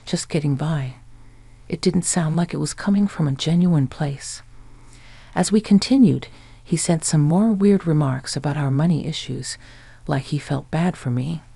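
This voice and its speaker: A man narrating a first-person story in an even storytelling voice, quoting others in the same voice. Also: fairly high pitch, vocal fry, breathy edge, no echo.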